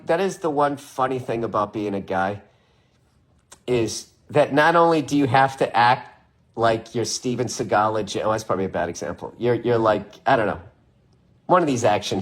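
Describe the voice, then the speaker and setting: A man talks in a loose, rambling monologue with plenty of swearing. His voice sits at a medium pitch. He sounds incredulous as he goes. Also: expressive, normal speed. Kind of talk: casual podcast monologue.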